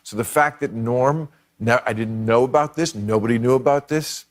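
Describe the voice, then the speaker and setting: A man's voice: mid-range voice, moderate pace. A man talking earnestly and reflectively as a comedian in an interview. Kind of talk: casual interview talk.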